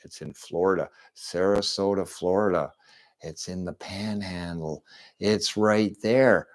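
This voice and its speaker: Slow, low-voiced man rambling. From Canada. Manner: rambling and repetitive, with frequent restarts and fillers. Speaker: live streamer. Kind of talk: casual rambling stream monologue. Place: at home indoors. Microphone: desk microphone.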